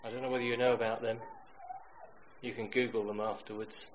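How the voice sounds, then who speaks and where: A middle-aged man delivers a sermon in a mid-range voice, leaning into stories. He rises to loud, emphatic peaks and drops to near-whispered asides. A faint hiss sits behind the recording. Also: mid-range voice, little pitch movement, a little fast, poor audio. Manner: storytelling, swings from loud emphatic to quiet. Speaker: preacher.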